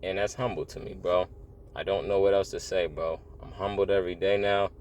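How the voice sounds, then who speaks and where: A man's voice: sits low, fairly even intonation, a little fast, darkish tone, a little hiss or hum. A man giving a casual, earnest spiritual monologue, rambling and repeating phrases, often saying "bro". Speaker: religious vlogger.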